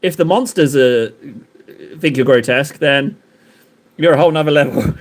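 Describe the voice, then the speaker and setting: A medium-pitched male voice at normal speed belongs to a streamer painting miniatures. He chats aimlessly and jokes around with his viewers.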